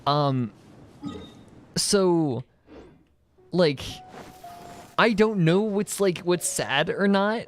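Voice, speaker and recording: A man's voice: high voice, expressive, drawn-out words, pauses often, faint music behind. A young man streaming a game, chatting casually with his chat in a rambling way, laughing often and full of fillers and restarts. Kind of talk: casual chat while gaming, reading chat.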